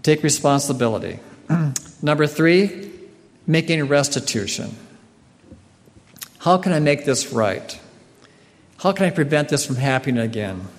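Slow earnest preacher man, echoing hall. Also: on the high side, expressive. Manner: slow, earnest, frequent throat clearing. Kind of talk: sermon. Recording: long hall reverb.

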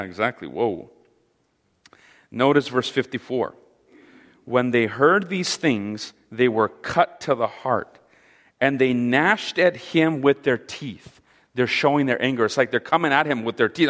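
A man's voice: medium pitch, expressive, a bit bright. Man teaching scripture in a reverberant hall. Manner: halting, with fillers and repeated words; asks the audience questions. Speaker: Bible teacher. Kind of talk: interactive Bible study teaching. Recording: long reverb of a large hall.

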